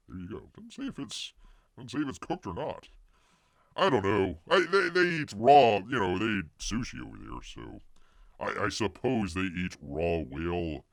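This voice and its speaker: Gravelly rambling man hosting a livestream. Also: mid-range voice, no room sound, studio quality. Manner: rambling, jokey, refers to himself as Bear in third person. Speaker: livestream host. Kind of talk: casual news chat reading out chat.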